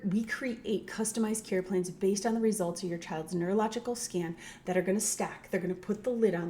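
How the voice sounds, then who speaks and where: A woman's voice: medium pitch, warm tone, a little hiss or hum. A middle-aged woman chiropractor talking casually to parents, often adding "right?" and acting out quoted voices. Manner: conversational, tag questions, acts out quoted voices. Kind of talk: casual educational talk.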